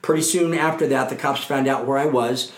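A man's voice: mid-range voice, fairly even intonation, fairly quick. A middle-aged man giving a candid, earnest account of his own past in an interview. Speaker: guest. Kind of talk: personal recovery testimony. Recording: roomy echo.

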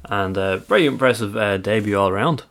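A man's voice: on the low side, normal speed, fairly bright tone. A man co-hosting a casual football podcast, chatty with lots of fillers and easy laughs. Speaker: podcast co-host.

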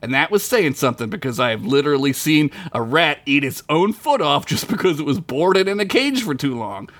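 A man's voice: a little high, very animated, a little fast, fairly bright tone. A man hosting a podcast, reading his own comedic story aloud in a crude, rambling way and laughing at his own jokes.

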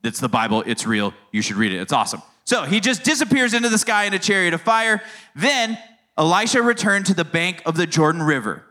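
A man's voice: sits high, expressive, a little fast, pushed and bright. A man in his thirties preaching a casual sermon, telling family stories in a playful, conversational way. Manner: storytelling, conversational, playful asides. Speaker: youth pastor.

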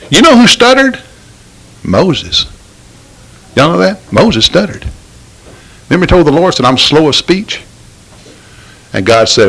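A middle-aged man preaching an informal sermon. His delivery is folksy and pleading, and it breaks into fervent bursts. His pitch swings widely from low murmurs to high exclamations. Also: fairly bright tone, slightly rough, poor audio. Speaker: lay preacher.

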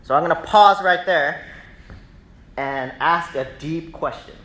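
Man, pastor, conversational sermon, bright voice, echoey church sanctuary. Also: a little high, unhurried. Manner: conversational, animated storytelling preacher.

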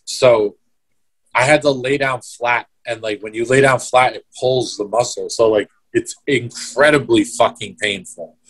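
A man's voice: mid-range voice, measured pace, a bit bright, slightly rough. A young man telling a story in casual chat, swearing freely and replaying events step by step. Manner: swears a lot, vivid play-by-play retelling.

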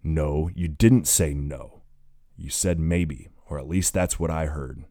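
A bitter, heartbroken young man, a little drunk, swears and almost shouts in an audiobook scene, read by a man. The voice is extremely low and dark. The recording is dry and close. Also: slow, no room sound. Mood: angry.

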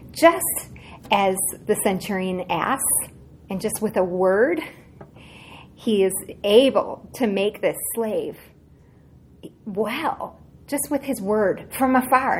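A woman giving a devotional Bible teaching, speaking earnestly with slow, emphatic phrasing and soft asides. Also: mid-range voice, a little hiss or hum.

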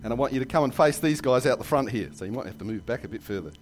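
A man preaching a sermon in a church, telling jokes and stories with lively asides. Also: medium pitch, rapid-fire, a little hiss or hum. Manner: animated storytelling with jokes and asides. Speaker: pastor.

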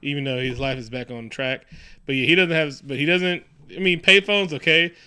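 A man co-hosting a casual movie recap, profane and animated, slipping into mocking quoted voices. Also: fairly high pitch, normal speed, smooth. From New York. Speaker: podcast co-host.

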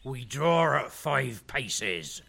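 A man's voice: medium pitch, big pitch swings, drawn-out words, gravelly, background noise, full character voice. A man playing a blustering male pirate who talks in theatrical pirate slang. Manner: theatrical, growling pirate talk.

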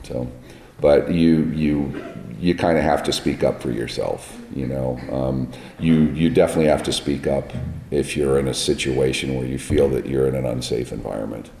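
A man, a film makeup artist, talking casually about work on set in a raspy voice, blunt and full of set stories. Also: very deep voice, steady tone, normal speed, dark tone, roomy sound, in a large hall. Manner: plain-spoken, blunt, tells set stories. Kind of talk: casual interview chat. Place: large echoey room at a trade event.

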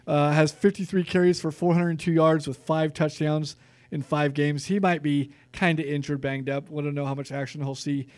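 Man, sports podcast co-host, slightly high voice, dry close sound, relaxed chatty stat talk. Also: moderate pace, no echo. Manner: relaxed, chatty, reels off stats with fillers. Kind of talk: casual sports chat.

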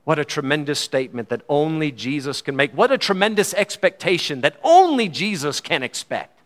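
A middle-aged man preaching a sermon with fervour, swinging from loud declarations to hushed, quiet lows. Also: expressive, a little fast.

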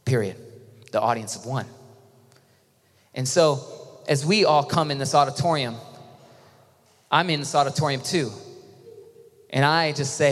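A man from Michigan preaching a sermon to a large auditorium, earnest and often dropping to a soft, intimate hush. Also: medium pitch, a little slow, long pauses. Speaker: worship leader and preacher. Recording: live hall with long reverb, faint music.

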